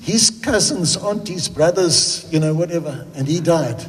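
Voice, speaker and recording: A man voicing a slow-talking, stubborn rural farmer from the Eastern Cape, with a folksy drawl. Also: fairly high pitch, in a large hall, natural voice. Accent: Eastern Cape South African.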